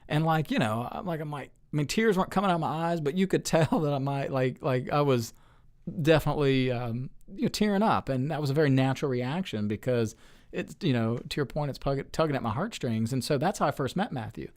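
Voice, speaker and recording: A man's voice: medium pitch, expressive, a little fast, darkish tone. Earnest, chatty man telling stories. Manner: chatty and earnest, many fillers and restarts. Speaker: state lawmaker as guest. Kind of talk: casual storytelling interview.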